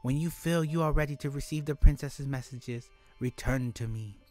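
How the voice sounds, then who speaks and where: A man's voice: medium pitch, a little mellow, soft background music, pitched above the performer's own voice, close to an everyday voice. A man putting on a solemn elderly woman elder. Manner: slow, stilted formal delivery with stumbles.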